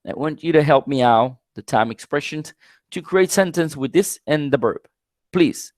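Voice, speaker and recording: A man whose first language is Spanish, teaching an English grammar class online, repeating example sentences slowly and quizzing his students. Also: a little high, lively intonation, dry recording, studio quality. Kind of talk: live online class lecture.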